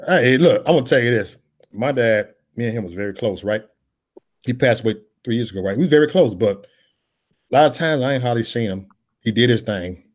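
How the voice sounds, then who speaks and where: A man hosts a casual live chat, spinning blunt, slangy stories about family. He talks quickly in a husky, slightly rough voice. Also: mid-range voice. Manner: blunt, streetwise storytelling with slang. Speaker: host of a live chat stream.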